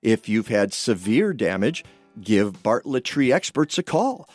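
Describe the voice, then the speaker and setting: A man hosting a radio talk show, reading sponsor spots with playful, drawn-out emphasis. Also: fairly low pitch, very animated, no room sound, soft background music. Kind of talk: radio talk and live ad reads.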